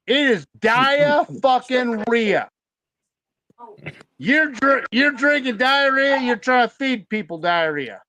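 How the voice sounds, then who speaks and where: A man's voice: very high-pitched, a bit bright, no echo. Podcast co-host, male, heated storyteller, swears in every line, dry close sound. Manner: heated, swearing constantly, ranting. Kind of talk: profane casual storytelling.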